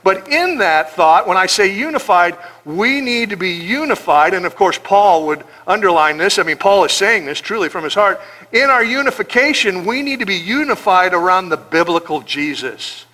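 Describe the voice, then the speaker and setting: High, bright-voiced man preaching. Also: normal speed. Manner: animated, joking, acts out quoted voices. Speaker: pastor. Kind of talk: sermon.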